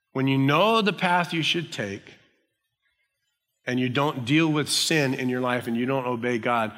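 A man's voice: medium pitch, pushed and bright, long reverb tail. A man preaching a sermon as a pastor, earnest and emphatic.

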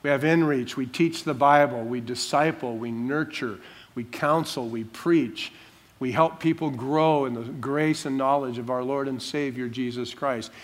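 A man preaching a sermon, working through a Bible passage verse by verse and repeating phrases for stress, in a church sanctuary. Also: mid-range voice. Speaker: pastor.

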